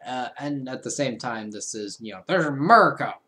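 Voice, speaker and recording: A man's voice: mid-range voice, moderate pace. A young man hosting a let's play, giving casual, playful commentary that trails off into mumbled asides.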